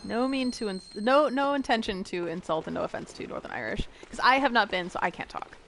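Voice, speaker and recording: A woman's voice: mid-range voice, brisk, a bit bright, a little hiss or hum. A young American woman streaming a game, chatting casually with viewers in a giggly, rambling way. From United States. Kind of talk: casual gameplay chat with viewers.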